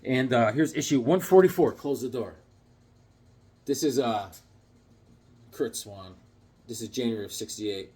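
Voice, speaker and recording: A man's voice: mid-range voice, a little slow, pauses often, a little mellow, slightly rough. A middle-aged man in a casual vlog, telling a childhood story between comics, full of fillers and restarts. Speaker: comic book collector. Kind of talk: casual show-and-tell vlog.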